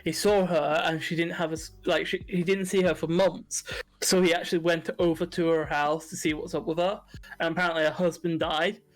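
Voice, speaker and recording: A man's voice: on the high side, flat delivery, fairly quick, faint music behind. A young man, co-hosting a casual livestream podcast, chatty, giggly and open about his feelings. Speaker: podcast co-host.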